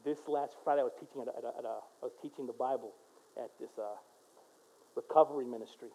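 A male pastor preaching a sermon, dropping to a quiet voice for prayers and rising to loud, emphatic exhortation. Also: medium pitch, quick pace, rough recording.

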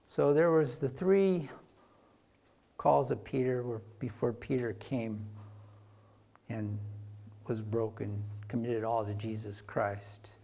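A man delivers a sermon at a measured pace and medium pitch, telling a Bible story conversationally. He swells louder to emphasize things, then drops to a soft, quiet tone.

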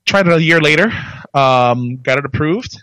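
A man chatting casually as a podcast guest, telling his career story with lots of restarts and animated jumps when he quotes himself. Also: on the high side, moderate pace, clear, resonant tone, no room sound, low-quality recording.

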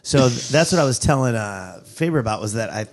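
A man guesting on a comedy chat, telling bits in a rambling, halting way with many restarts. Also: mid-range voice, expressive, over a noisy crowd.

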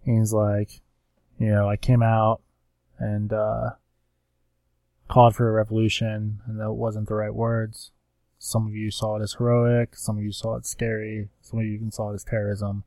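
A man casually recapping a comic book issue, rambling with lots of fillers and quick acted-out quotes of the characters. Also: fairly low pitch, completely flat delivery, mellow, no echo. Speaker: comics podcast co-host. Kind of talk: casual chat.

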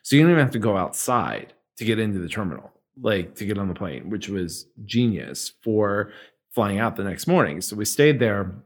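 A man co-hosting a casual chat show, telling a travel story with lively, acted-out quotes. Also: lowish voice, moderate pace. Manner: animated storytelling, acts out quotes. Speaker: podcast co-host.

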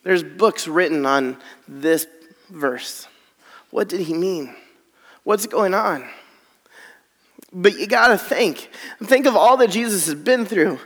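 A man's voice: sits high, expressive, slow, pauses often, a bit bright. A man preaching a sermon, reading scripture aloud with dramatic drops to near whispers. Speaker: pastor. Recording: long hall reverb.

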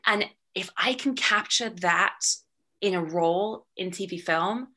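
A young woman with a British accent talks casually and with energy about her work. Her voice is bright and forceful, and she slips into quick impressions of the people she quotes. She swears now and then without slowing down. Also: mid-range voice. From Britain. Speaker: guest, burlesque performer and actor. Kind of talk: casual interview chat.

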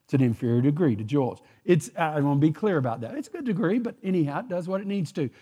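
Older texas preacher man, folksy and jokey, voice jumps all over, a bit husky. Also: fairly high pitch, lively intonation, quick pace, dark tone. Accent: Texan. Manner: folksy, joking asides, emphatic repetition. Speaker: pastor. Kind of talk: sermon. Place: church sanctuary.

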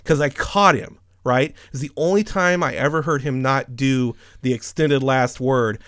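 A man's voice: mid-range voice, a little slow, clean tone, no echo, clean studio sound. A man casually telling a funny workplace story, swearing often and laughing. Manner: profane, animated, laughs often. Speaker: podcast host telling a story.

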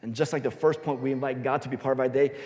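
A man pastor giving a sermon, telling a story and swinging his voice between loud and soft for emphasis. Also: medium pitch, steady tone, rapid-fire. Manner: storytelling, varies loudness for emphasis. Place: church sanctuary. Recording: long hall reverb.

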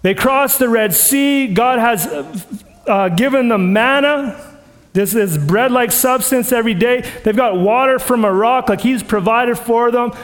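A man with a very high voice delivers a sermon, earnest and conversational, slipping into the voices of the people in the scripture he quotes. His words ring out with a long reverb from a church sanctuary. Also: unhurried. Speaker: pastor.

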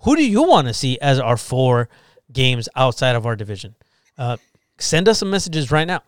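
A man co-hosting a casual podcast, lively and teasing as he explains and jokes. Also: mid-range voice, moderate pace, no room sound, studio quality. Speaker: podcast co-host. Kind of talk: casual chat.

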